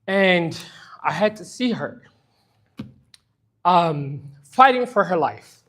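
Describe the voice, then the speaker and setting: A man's voice: sits high, lively intonation, slow pace, fairly bright tone. A middle-aged man teaching a church Bible study, speaking earnestly and emotionally about personal pain. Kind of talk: impassioned church lesson.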